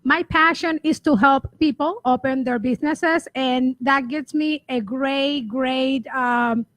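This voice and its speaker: Bright-voiced woman from the Dominican Republic. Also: sits high, fairly even intonation, slow, no echo. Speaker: guest, business advisor. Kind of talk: casual interview.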